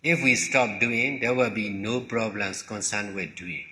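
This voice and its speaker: Slow, halting monk in an echoing hall. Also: male voice, lowish voice, bright, forceful tone. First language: Burmese. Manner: halting, repeats words, pauses between short phrases. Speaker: monk teacher. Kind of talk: slow dharma talk. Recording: long hall reverb.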